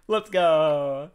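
Excitable young man streaming. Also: fairly high pitch, clean tone. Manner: excitable, jokey, voice jumps up when indignant. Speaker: VTuber streamer. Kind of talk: casual livestream chat.

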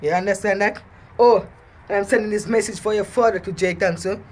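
A man's voice: sits high, fairly even intonation, fairly quick, darkish tone. A man rapping a diss track on his vlog and then taunting his target in boastful, repetitive jabs.

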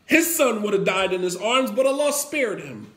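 A man's voice: sits high, lively intonation, normal speed, fairly bright tone. A man preaching a sermon, emphatic and repetitive, who acts out the quotes in his stories. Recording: roomy echo.

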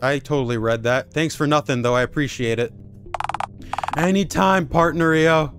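Over game music, a male streamer with a mid-range voice talks fast and fairly evenly. He swears freely and makes sarcastic remarks while playing through the game in let's-play commentary.

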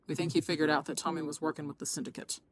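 A woman voicing a stoic masked young swordsman, matter-of-fact and flat. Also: sits low, rapid-fire, a little hiss or hum, lightly acted.

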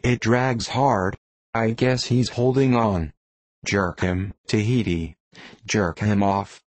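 A man's voice: on the low side, fairly even intonation, slow, dry recording. A man reading as an old muttering sailor. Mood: urgent. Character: old superstitious male sailor, gruff.

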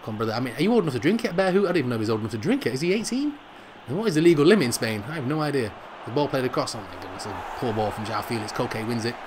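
A man hosting a football video game playthrough, joking around and commentating excitedly, bursting into shouts at goals. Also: mid-range voice, rapid-fire, noisy background. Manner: jokey, excitable, yells at goals. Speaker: gaming channel host.

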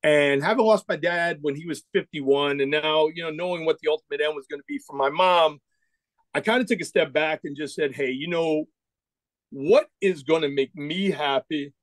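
A man in his forties telling animated stories as a podcast guest, acting out quoted dialogue. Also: on the high side, dry recording. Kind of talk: casual storytelling interview.

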